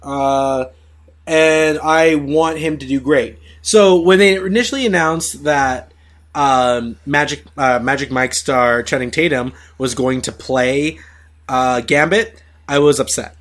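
A man hosting a casual chat about movies, swearing freely and giving animated opinions. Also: mid-range voice, slow. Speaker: podcast host.

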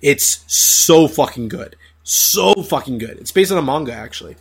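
A man's voice: a little high, moderate pace, breathy edge. Opinionated man ranting about movies. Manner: swears freely, animated opinions, quotes others in voices. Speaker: podcast host. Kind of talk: casual chat about movies.

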